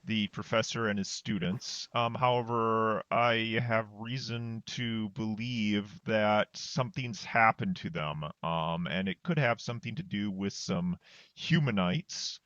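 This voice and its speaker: Slow hesitant man on a dull mic. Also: lowish voice, fairly bright tone, no echo. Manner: slow, hesitant, many ums. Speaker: player. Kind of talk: in-character tabletop message.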